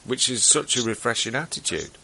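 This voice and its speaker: A man's voice: mid-range voice, animated, fairly quick, creaky, bright, forceful tone. A man from England co-hosting a talk show, telling his own stories in a laid-back, rambling way. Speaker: radio show co-host. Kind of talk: anecdotal storytelling on a talk show.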